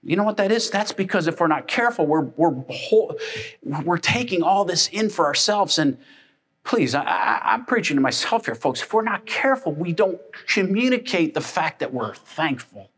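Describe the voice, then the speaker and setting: A man preaching a sermon to a congregation, telling lively everyday stories and acting out the people in them. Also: high voice, normal speed, husky. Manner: animated storytelling, acting out family members. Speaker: pastor.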